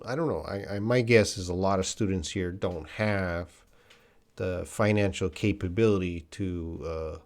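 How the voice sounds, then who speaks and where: A man, teaching English on a live stream, chatting casually and often restarting his sentences. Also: low-pitched. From Canada. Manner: casual, restarts often, reads viewer comments aloud.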